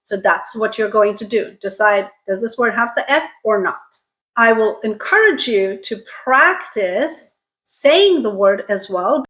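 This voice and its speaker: A woman teaching an online pronunciation lesson, enunciating carefully, drilling sounds slowly and checking in with "okay?". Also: mid-range voice, a bit bright.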